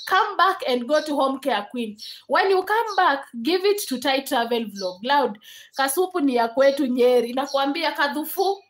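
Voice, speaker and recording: A woman's voice: sits high, expressive, normal speed, poor audio. A young Kenyan woman chatting casually to viewers on a live stream, laughing often and slipping between English and Swahili. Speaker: livestreamer.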